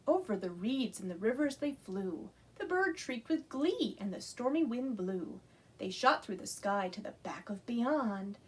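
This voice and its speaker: A woman librarian reading a picture book aloud to children, animated, inviting them to join in. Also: fairly high pitch, measured pace, breathy edge.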